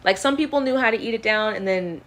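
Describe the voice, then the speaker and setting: On a live stream, a woman in her early twenties chats casually, answering questions in a rambling, easygoing way full of fillers. Her voice is a little high and a bit bright, and she talks fast.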